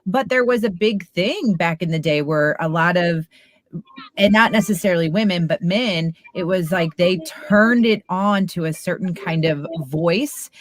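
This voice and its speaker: A woman's voice: on the low side, measured pace. A woman who used to host radio, chatting easily as a podcast guest, laughing often and telling stories. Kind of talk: casual interview chat.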